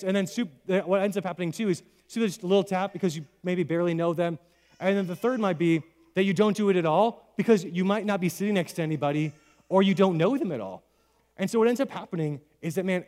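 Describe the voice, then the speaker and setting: Fast-talking young-sounding preacher in a reverberant hall. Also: male voice, a little high, a little mellow. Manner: chatty, full of "like" and self-deprecating jokes. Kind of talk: casual sermon. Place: large church hall with congregation. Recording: long reverb of a big hall.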